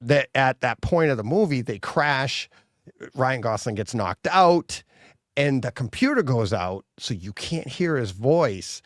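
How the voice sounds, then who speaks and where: A man's voice: medium pitch, unhurried, no room sound. Guy cohosting a movie podcast, chatty, laughs a lot, dry room. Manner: laughing, animated storytelling. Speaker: podcast co-host. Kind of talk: casual chat.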